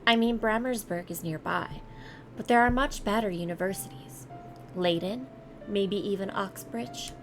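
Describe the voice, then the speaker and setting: A woman voicing a polite, eager female high-school student. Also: a little slow, soft background music, lightly acted. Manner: polite, a bit over-eager.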